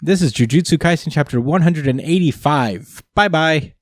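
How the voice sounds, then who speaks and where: A man's voice: on the high side, moderate pace, dry recording, studio quality. A man hosting a podcast, recapping a comic chapter in casual chat, rambling with many fillers and frequent chuckles. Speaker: podcast host.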